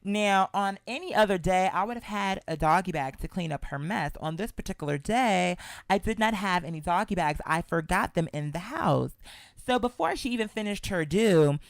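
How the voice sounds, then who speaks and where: Sassy host spilling a story, keeps saying girl, mid pitch, dry close mic. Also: animated, moderate pace, vocal fry, no echo. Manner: sassy, chatty, calls the listener "girl". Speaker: show host. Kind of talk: casual storytelling monologue.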